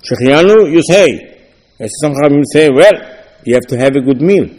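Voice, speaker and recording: A man giving a Torah lecture as a rabbi, arguing back and forth through rhetorical questions in a lively, animated way. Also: on the high side, brisk, big-room sound.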